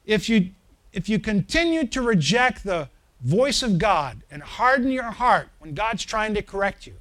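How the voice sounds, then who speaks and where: A man with a notably high voice delivers a sermon as a pastor. He builds into emphatic, forceful swells and keeps turning to the congregation with questions to check that they are following. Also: big pitch swings, measured pace.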